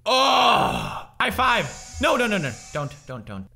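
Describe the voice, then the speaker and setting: A man with a Swedish accent, a native Swedish speaker, giving gaming commentary, raging, swearing and yelling at the game. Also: high voice, huge pitch swings, slow, gravelly. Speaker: gaming video creator. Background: game music.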